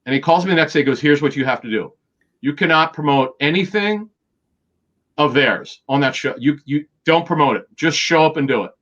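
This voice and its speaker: A man's voice: fairly high pitch, lively intonation, brisk, fairly bright tone, lo-fi sound. A middle-aged man, a guest in an interview, telling anecdotes with quoted dialogue and frequent restarts. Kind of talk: storytelling in an interview.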